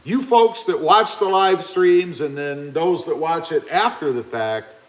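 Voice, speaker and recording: Lively, animated man hosting a stream. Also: on the high side, a little slow. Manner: chatty, reads viewer comments aloud. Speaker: live stream host. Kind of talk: casual live stream chat.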